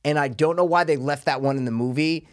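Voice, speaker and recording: A man's voice: fairly high pitch, quick pace. A young man co-hosting a casual podcast chat, swearing a lot and calling everyone dude. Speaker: podcast co-host.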